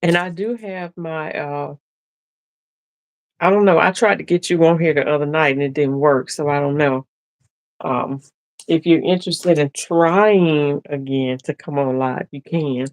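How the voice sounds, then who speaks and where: A woman's voice: low voice, measured pace, no room sound. A woman hosting a casual sewing live stream who chats and laughs with her viewers, speaking. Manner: chatty, laughing, talks to viewers directly.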